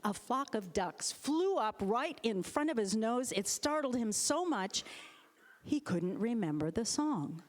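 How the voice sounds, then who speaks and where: Animated female storyteller for children, in a reverberant sanctuary. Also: a little high, measured pace. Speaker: storyteller, board president. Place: church sanctuary. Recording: long hall reverb.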